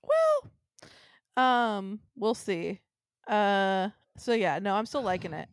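A woman's voice: medium pitch, very animated, takes it slowly, dry recording, studio quality. A woman co-hosting a podcast in casual chat, rambling along with lots of ums and frequent laughs. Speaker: podcast co-host.

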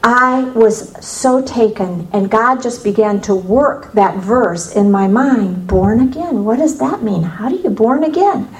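A woman from the United States shares her faith testimony with an audience in a somewhat high voice. She tells it as a lively story, with playful asides to her listeners. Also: a little slow, few pauses, poor audio. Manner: lively storyteller, humorous asides, acts out dialogue.

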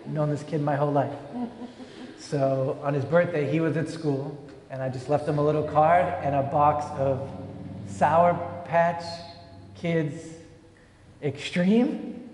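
Guy preaching, playful and quick with jokes, kinda roomy echo around him. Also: fairly high pitch, slight background noise. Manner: lively, joking preacher who acts out voices. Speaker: pastor. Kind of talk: sermon. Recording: echoey hall, long reverb.

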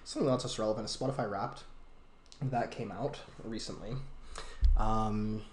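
A man's voice: fairly low pitch, fairly even intonation, moderate pace, roomy sound, a little hiss or hum. A young man hosting a podcast, telling a story in a rambling way with many fillers and restarts. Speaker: podcast host. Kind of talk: casual chat and storytelling.

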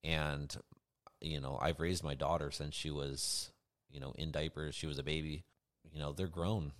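A man's voice: very deep voice, steady tone, normal speed. A man co-hosting a podcast, talking earnestly about co-parenting and often agreeing with "right". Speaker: podcast co-host. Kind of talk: casual conversation.

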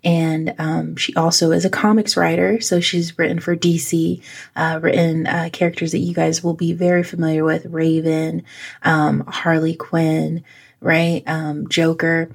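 Husky, gravelly-voiced woman podcast host. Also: sits low, level tone, measured pace. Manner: chatty, self-deprecating, many ums. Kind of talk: casual podcast narration.

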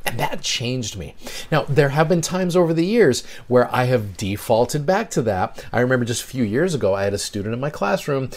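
A middle-aged seminary teacher hosting a podcast, telling a personal story in an earnest, reflective devotional talk. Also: male voice, medium pitch, expressive, fairly quick, darkish tone.

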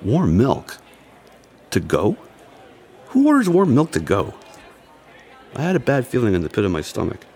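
An actor playing a young amateur detective who narrates his own story in an audio drama, telling it in a measured, tense way. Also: medium pitch, wildly swooping pitch, a little mellow. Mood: tense narration.

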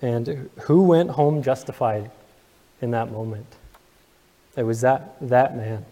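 A man's voice: medium pitch, slow pace, dark tone, in a large hall. A young man preaching a sermon to his congregation, earnest and emotional, asking the room questions. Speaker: pastor. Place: church sanctuary.

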